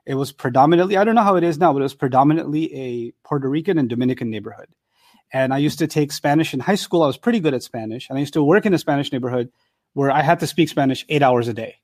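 A man's voice: medium pitch, quick pace, no echo, clean studio sound. A man from New York giving a conversational Quran lesson, telling stories and acting out dialogue. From New York, United States. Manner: animated, conversational, acts out dialogue. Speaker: Quran teacher. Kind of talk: Quran lesson with personal storytelling.

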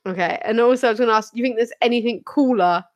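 A woman's voice: a little high, very fast, a little mellow, dry recording, lo-fi sound. A British woman co-hosting a casual podcast, chatty and bubbly as she reads out light news stories and laughs often. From Britain. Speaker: podcast co-host.

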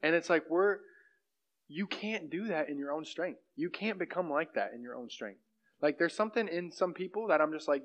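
A man's voice: a little high, moderate pace. A young man preaching in a casual, conversational way, often asking "right?" to the room. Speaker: pastor. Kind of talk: sermon. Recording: dull lo-fi sound.

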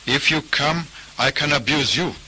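A man's voice: fairly high pitch, measured pace, sharp tone, slightly rough, pitched above the performer's own voice, heavily acted, rough recording. A man voicing a bad-tempered male hippo in a storybook tale, speaking in curt, surly refusals.

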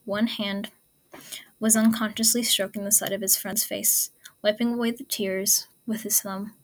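A woman reading a story aloud in a soft, whispery, intimate voice. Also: mid-range voice, level tone, moderate pace. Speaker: fan fiction reader. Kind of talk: hushed story narration.

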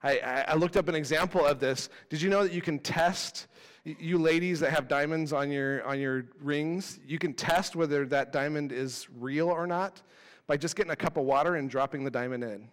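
A man in his thirties preaching a casual, animated sermon with self-deprecating asides. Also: a little high, moderate pace, big-room sound. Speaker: pastor. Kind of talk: conversational sermon.

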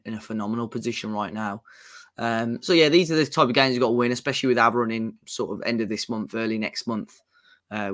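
A man co-hosting a casual football chat, giving his opinions. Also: mid-range voice. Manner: casual, says mate, gives opinions. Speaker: podcast co-host.

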